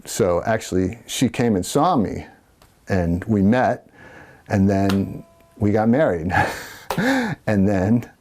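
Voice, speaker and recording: A man's voice: on the low side, slow pace, pauses often, a little mellow, a little hiss or hum. A middle-aged man, a musician, telling rambling anecdotes in a casual interview, with small laughs and restarts.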